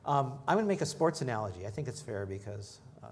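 A man preaching a sermon in a conversational way, joking with the congregation and rising in pitch and volume when he reads scripture. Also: very animated, fast, slight background noise. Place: church in front of a congregation.

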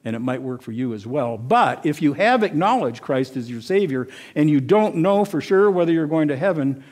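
Halting man preaching, slightly high voice. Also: lively intonation, darkish tone. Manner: halting, repeats words and restarts often. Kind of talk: informal sermon with personal story.

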